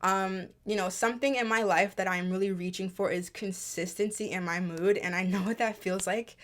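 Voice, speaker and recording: Young woman, personal vlog host, soft-spoken, thoughtful and open. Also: mid-range voice, fairly even intonation, normal speed. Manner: soft-spoken, reflective, with frequent fillers. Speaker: YouTuber.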